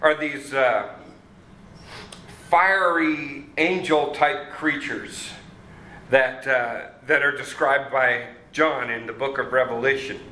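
A man preaching a sermon, slow and halting with many fillers and restarts. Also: medium pitch, bright, forceful tone, echoey room, poor audio. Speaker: pastor.

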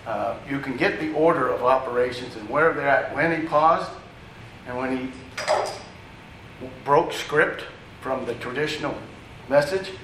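A man's voice: medium pitch, measured pace, long pauses, a bit bright, a little hiss or hum. A man preaching a sermon in a conversational, teaching way, with asides to the congregation. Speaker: pastor. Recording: echoey room, distant mic, faint ambience.

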